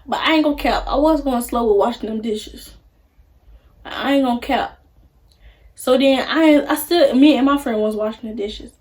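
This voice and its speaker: A woman's voice: a little high, moderate pace, a little mellow. A young woman telling a story on her vlog in a casual, chatty way, acting out the people she quotes. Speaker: vlogger.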